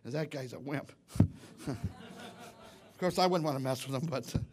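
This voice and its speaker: A man's voice: mid-range voice, moderate pace, a little mellow. A man preaching a sermon in church, emphatic and repetitive, often questioning the congregation. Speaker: pastor.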